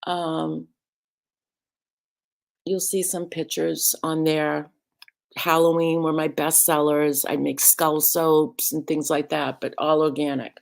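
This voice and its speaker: Gravelly-voiced woman rambling on a live stream. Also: sits low, little pitch movement, slow. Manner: chatty, rambling, greets chat viewers by name. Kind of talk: casual live-stream commentary.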